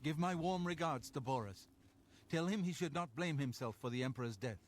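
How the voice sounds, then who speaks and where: An actor playing a calm, commanding leader of a knightly order in a fantasy video game, speaking formally. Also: male voice, a little high, brisk. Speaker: game character.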